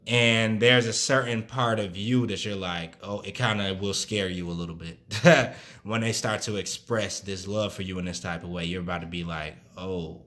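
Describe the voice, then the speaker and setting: A man's voice: fairly low pitch, fairly even intonation, moderate pace, hardly any pauses, fairly bright tone. A young man giving a casual, chatty tarot reading, loose and full of fillers and asides. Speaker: tarot reader.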